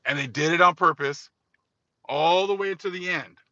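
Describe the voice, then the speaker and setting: A man's voice: on the high side, normal speed, sharp tone, dry recording, lo-fi sound. A man hosting religious commentary, speaking emphatically and repeating his points. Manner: emphatic, repetitive. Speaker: host.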